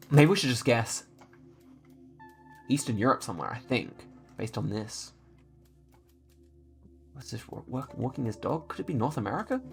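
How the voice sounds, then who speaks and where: A man talks through his own gameplay in an easy, mid-pitched voice, thinking out loud and tripping over words with frequent ums and uhs. Faint music plays quietly underneath his commentary. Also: vocal fry.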